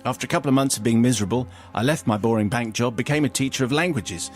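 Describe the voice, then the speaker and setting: A male radio host reads a listener's letter on air in a wry storyteller's voice. His pitch sits in an ordinary middle range, and soft music plays faintly behind him in the studio. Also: fast talker. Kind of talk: reading a listener's letter aloud.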